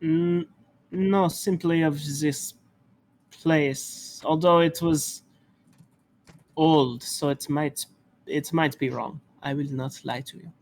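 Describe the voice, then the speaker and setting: A man voicing an earnest, halting female adventurer with slow, hesitant, formal phrasing. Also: on the high side, steady tone, slight background noise.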